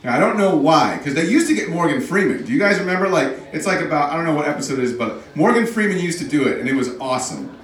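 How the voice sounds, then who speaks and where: A male stand-up comic rambling through his set, mocking himself and teasing the crowd, his pitch bouncing lively. The sound is roomy, picked up from a distance on a club stage. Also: quick pace, few pauses. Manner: rambling, self-mocking, audience banter. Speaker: stand-up comedian. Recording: roomy club, mic from far off.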